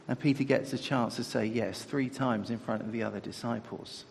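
A man's voice: mid-range voice, fairly even intonation, moderate pace, vocal fry. A man preaching a sermon in a conversational way, asking his listeners rhetorical questions. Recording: echoey hall.

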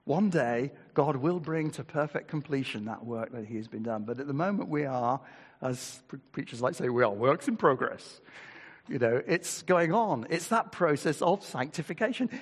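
An older man delivers a conversational sermon in a fairly high voice, reading scripture and putting rhetorical questions to his listeners. His words ring on in the long reverb of a big hall. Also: animated, moderate pace. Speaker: preacher.

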